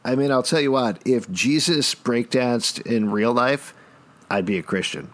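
A man's voice: mid-range voice, a little slow. A man co-hosting a casual podcast, recapping a TV episode in a wry, joking way and often restarting sentences. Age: middle-aged. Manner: wry, jokey storyteller with frequent restarts. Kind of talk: casual chat.

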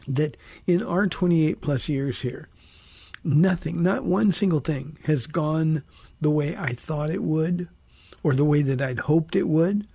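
A male pastor hosting a radio call-in show, answering listeners with earnest, preacherly emphasis. His voice is gravelly and a little husky, with a mellow, darkish tone. The studio sound is dry and close. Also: a little high, no echo. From United States. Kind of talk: radio call-in Bible teaching.

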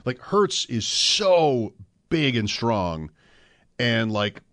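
A man's voice: medium pitch, big pitch swings, drawn-out words, a bit bright, no echo, clean studio sound. A man co-hosting a sports talk show, chatting casually, asking questions and mimicking what coaches and players might say. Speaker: sports podcast co-host.

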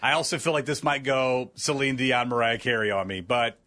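Teasing man radio co-host, bright tone. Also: mid-range voice, fairly quick. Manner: teasing, needling questions. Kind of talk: casual radio banter.

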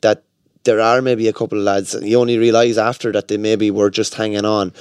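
Quick, smooth-voiced Irish man. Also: fairly low pitch, level tone, a little mellow, no room sound, clean studio sound. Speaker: football pundit. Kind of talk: radio studio discussion.

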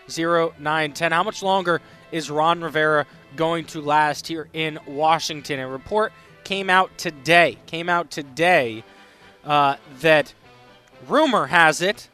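A man's voice: fairly high pitch, bright, forceful tone. A man hosting a live sports radio show, upbeat and chatty, reading out phone numbers between talk. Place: radio row at a sports event.

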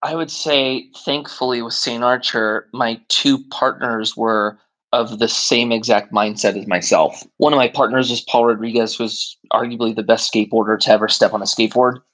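A man, a brewery co-founder, telling stories in a relaxed interview and acting out the people he quotes. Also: mid-range voice, normal speed, poor audio. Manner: animated, acts out quoted voices while telling stories. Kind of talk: conversational interview storytelling.

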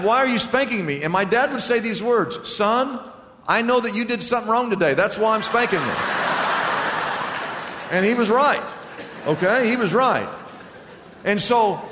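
A man's voice: medium pitch, fairly bright tone. A middle-aged male pastor preaching a sermon to his congregation, telling stories with humor and repeating lines for emphasis. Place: church sanctuary before a congregation. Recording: hall reverb with faint room noise.

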